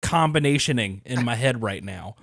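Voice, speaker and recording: A man's voice: mid-range voice, moderate pace, vocal fry, no room sound, studio quality. A man co-hosting a casual gaming podcast, swearing and laughing with friends. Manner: animated, swearing, laughing often. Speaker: podcast co-host. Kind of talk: casual chat among friends.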